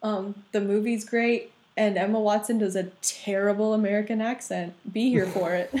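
A woman's voice: medium pitch, darkish tone. A young woman co-hosting a podcast, chatting casually, laughing often and swearing freely with enthusiasm. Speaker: podcast co-host. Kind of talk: casual chat.

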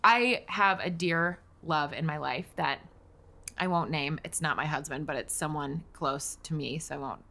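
Low-voiced woman chatting quickly. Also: vocal fry, bright, forceful tone. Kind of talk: casual conversation.

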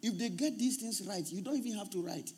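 Male pastor, high voice, preaching emphatically with repetition; faint background hum. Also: fast. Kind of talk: sermon.

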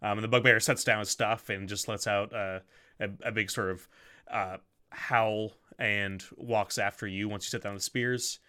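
A man's voice: fairly low pitch, steady tone, normal speed, pushed and bright, clean tone. A man narrating as game master of a tabletop game, hesitant, with many ums and restarts.

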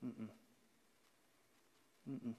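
A man preaching a sermon as a pastor, animated, with playful sarcasm while reading scripture aloud. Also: drawn-out words. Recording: long hall reverb.

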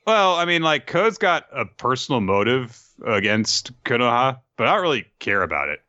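A man's voice: mid-range voice, very animated, normal speed, sharp tone, dry recording. A man reading the lines of a cheerful young woman villain, offhand and bubbly, on a dull, dry lo-fi recording. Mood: breezy.

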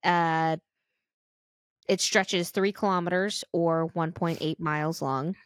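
An American woman co-hosting a podcast, chatting casually and retelling a spooky story, animated and giggly. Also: lowish voice, slow pace, dry recording, clean studio sound. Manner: animated and giggly, acts out reactions. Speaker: podcast co-host.

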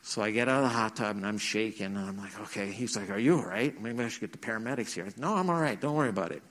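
Fast-talking and fairly low-pitched with a fairly bright tone, a middle-aged youth speaker tells teens at church about his own life. His sermon testimony is earnest and story-like, with quotes acted out.

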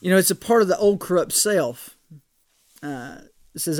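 High-voiced male pastor, conversational. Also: lively intonation, a little fast, darkish tone, no room sound, studio quality. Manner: conversational preaching, many restarts and "right?" asides. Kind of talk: sermon.

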